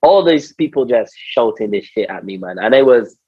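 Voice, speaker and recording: With a slightly rough, medium-pitched voice at a moderate pace, a former cricketer from Barbados tells lively stories in a relaxed interview. He repeats words, acts out quotes, and says "bro", all on slightly dull, dry podcast audio.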